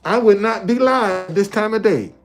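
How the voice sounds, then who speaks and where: A man's voice: sits high, moderate pace, soft background music. Man repeating himself on a livestream. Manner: repetitive, loose conversational, restates points. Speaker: live streamer. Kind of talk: casual livestream talk. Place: hotel.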